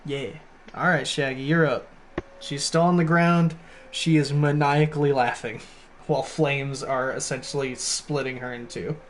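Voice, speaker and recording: A man's voice: medium pitch, fairly even intonation, a little slow, a little hiss or hum. A man acting as game master, casually narrating a tabletop game and laughing often as he checks rules. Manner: laid-back, laughs often, rule checks mid-sentence.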